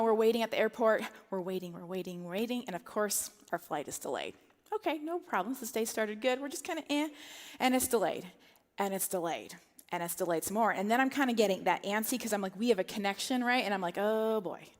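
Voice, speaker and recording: A woman preaching, telling a personal story in an animated way and acting out her own lines and other people's lines in a church setting. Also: medium pitch. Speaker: pastor. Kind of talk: sermon storytelling. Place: church auditorium. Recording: long hall reverb.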